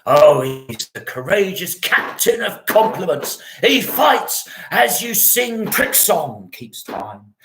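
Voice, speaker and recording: A man's voice: high-pitched, background noise, exaggerated voice. A man playing Mercutio, mocking and theatrical. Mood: scornful. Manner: theatrical, mocking, swooping delivery. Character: mocking, witty young male nobleman. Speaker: solo stage performer. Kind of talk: solo Shakespeare reading.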